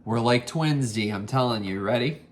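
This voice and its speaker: A man's voice: medium pitch, normal speed, a little hiss or hum. A man hosting a casual thrift haul vlog, rambling with many ums and self-corrections. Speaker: vintage reseller and vlog host.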